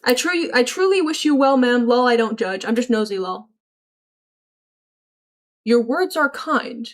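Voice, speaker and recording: High-voiced woman reading stream chat. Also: big pitch swings, a little fast. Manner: chatty, reacts aloud while reading messages; swears freely, frequent laughter. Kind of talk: casual livestream chat reading.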